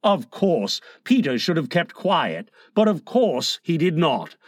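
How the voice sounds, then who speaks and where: Male storybook narrator, high voice, lively pitch, slow pace, dry close sound. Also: dry recording. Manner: expressive, dramatic reading. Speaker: audiobook narrator.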